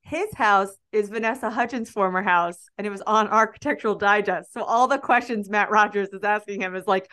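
A woman's voice: mid-range voice, a little fast, few pauses, pushed and bright. A woman in her thirties co-hosting a podcast, rambling in casual chat with lots of "like" and asides. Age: 30s. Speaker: podcast co-host.

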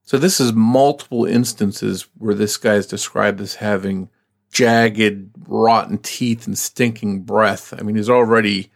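A man co-hosting a true crime podcast, narrating a case and chatting, pausing and searching for words. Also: fairly low pitch, steady tone, creaky. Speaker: podcast co-host.

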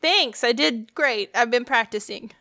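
A woman's voice: fairly high pitch, pushed and bright. Playful woman podcast co-host. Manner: quick reactive interjections, playful. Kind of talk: casual podcast chat.

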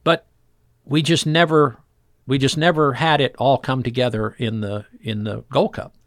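A man who works as a fishing guide, telling old stories in a relaxed interview and acting out the voices of people in them. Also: mid-range voice, moderate pace, no echo, studio quality. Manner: animated storyteller acting out voices in quotes. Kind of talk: storytelling interview chat.

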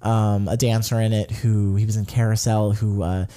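A man's voice: fairly low pitch, flat delivery, moderate pace, mellow, smooth. A man co-hosting a podcast, rambling casually with wry asides and fillers. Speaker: podcast co-host. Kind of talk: casual chat.

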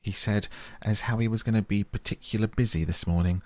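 A man's voice: lowish voice, steady tone, a little fast, a little mellow, voice pushed up, close to an everyday voice. A man voicing a young hedgehog boy who speaks respectfully in rustic, ungrammatical speech.

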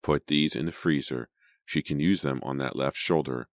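A man reading a calm, brisk doctor. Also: a bass voice, no room sound, clean studio sound. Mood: reassuring. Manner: calm and matter-of-fact. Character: brisk, reassuring male family doctor.

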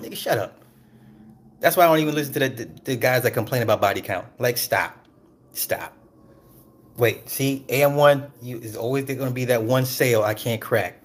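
A man on a casual, profanity-laced rant, animated and quick to laugh at his own points. His voice sits in a mid range. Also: medium pitch.

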